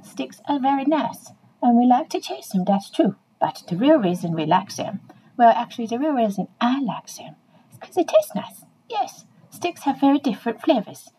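Silly talking dog voiced by a woman, playful, chatty, lively sing-song delivery. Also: on the high side, normal speed, a little hiss or hum, poor audio. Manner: playful, chatty, addresses listeners directly. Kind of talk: comic monologue to listeners.

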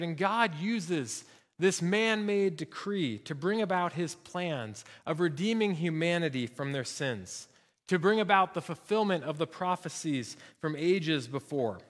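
A man's voice: high voice, moderate pace, long reverb tail. A man preaching a sermon as pastor, telling a story in an earnest, engaged way to his congregation. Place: church sanctuary.

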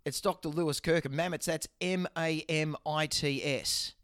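A man's voice: fairly high pitch, steady tone, normal speed, fairly bright tone, clean tone, dry recording. An Australian man co-hosting a vet podcast, chatting casually in a joking, rambling way with lots of fillers. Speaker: veterinarian podcast co-host. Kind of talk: casual chat.

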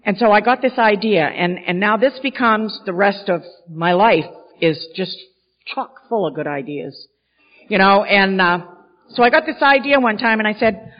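A woman's voice: medium pitch, unhurried. A woman from Maine candidly telling a self-mocking personal story at a podium in a large hall. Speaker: speaker sharing recovery story. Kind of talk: storytelling talk at a recovery gathering. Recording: dull sound in a big hall with long echo.

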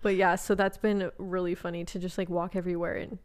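A woman's voice: on the low side, level tone, brisk, a crowd in the background. A woman in her twenties co-hosting a podcast, chatting casually, giggling and acting out other people's voices as she tells stories. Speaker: podcast co-host. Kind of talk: casual chat.

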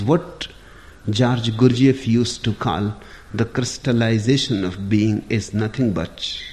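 A man giving a spiritual discourse in a measured, deliberate storytelling manner. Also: lowish voice, darkish tone. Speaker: spiritual teacher.

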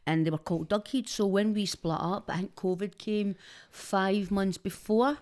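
A woman's voice: mid-range voice, steady tone, normal speed, a little mellow. A woman with a Glaswegian accent, a podcast guest telling rambling, sweary stories into a studio mic, often breaking into laughter. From Glasgow's East End, Scotland. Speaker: guest, social media personality. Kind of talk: casual podcast chat. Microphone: studio microphone.

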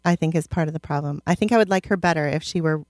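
A woman's voice: low voice, quick pace, a little mellow, no room sound, studio quality. A woman chatting thoughtfully about a TV show as co-host, laughing easily. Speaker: podcast co-host. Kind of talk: casual chat about a TV show.

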